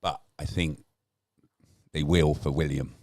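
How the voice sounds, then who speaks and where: A man's voice: extremely low pitch, steady tone, takes it slowly, darkish tone, dry recording, studio quality. A man, bluntly arguing with his chat on a casual livestream and swearing now and then. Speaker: livestream host.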